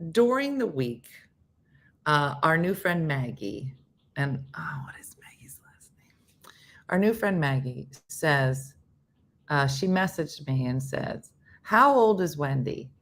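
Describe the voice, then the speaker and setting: A woman with a low voice hosts a casual morning show, her pitch swinging widely as she tells stories. She acts out the people she quotes, laughs often and sometimes drops to a whisper. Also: lively intonation, takes it slowly, long pauses, a bit bright. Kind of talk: casual storytelling chat.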